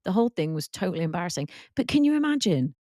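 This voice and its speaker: Woman host, casual storyteller, bright animated quotes, warm low-ish tone, dry close sound. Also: rapid-fire, no echo. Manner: animated, acts out quotes in a higher voice; laughs at own stories. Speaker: podcast host and work confidence coach. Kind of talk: casual solo podcast storytelling.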